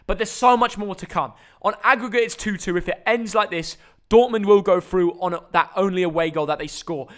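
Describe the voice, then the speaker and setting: A young man hosting a live football reaction stream, excitably talking viewers through the match. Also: high voice. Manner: excitable, rapid hype for viewers. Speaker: host.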